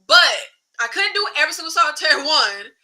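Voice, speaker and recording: Bright, high-voiced woman livestream host. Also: fairly quick, rough recording. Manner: animated, swears freely, reads viewer comments. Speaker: YouTube host. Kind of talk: casual livestream chat.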